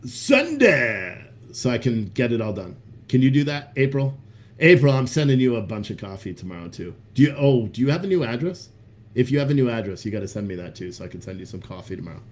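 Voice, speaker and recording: A man's voice: mid-range voice, lively intonation, quick pace, a little mellow. A man hosting a live stream, chatting casually with viewers in a loose, profane, hyped-up way. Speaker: livestream host selling coffee.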